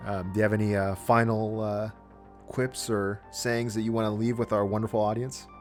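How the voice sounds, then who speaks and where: A man hosting a casual gaming podcast, relaxed and rambling with plenty of fillers. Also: fairly low pitch, moderate pace, faint music behind. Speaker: podcast host.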